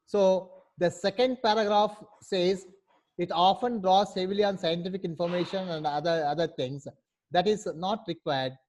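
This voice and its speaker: In a high, slightly mellow voice, a man instructs an online class one step at a time. He stays patient and keeps asking "right?" to make sure students are following.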